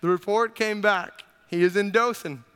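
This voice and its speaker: A man preaching a sermon, retelling a Bible story in an animated way with quips to the congregation. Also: high-pitched, normal speed, clear, resonant tone, long reverb tail. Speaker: pastor.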